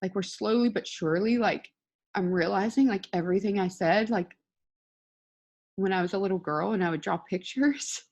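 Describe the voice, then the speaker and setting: A woman's voice: medium pitch, normal speed, darkish tone. A woman, probably in her thirties, giving a blunt, emotional motivational talk over a video call, crying as she swears and pleads with her listeners. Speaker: motivational speaker.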